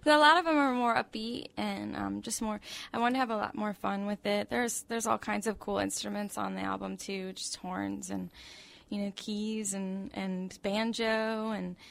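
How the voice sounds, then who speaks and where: A woman singer-songwriter chatting casually as a radio guest, halting with frequent ums. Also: mid-range voice, steady tone, vocal fry, a bit bright. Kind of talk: casual radio interview chat.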